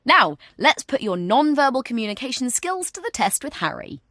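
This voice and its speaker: A woman's voice: high-pitched, sing-song, normal speed, pushed and bright, no room sound, studio quality. A woman guiding the listener through a communication training exercise in scripted, encouraging narration, coaching them step by step. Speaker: virtual training guide.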